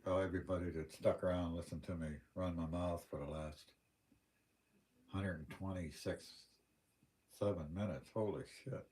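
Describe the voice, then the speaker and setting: A man's voice: deep voice, a little mellow. A man with a Western Pennsylvania accent, hosting a casual livestream and telling plain-spoken, rambling stories. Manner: folksy, plain-spoken storyteller. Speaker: livestream host.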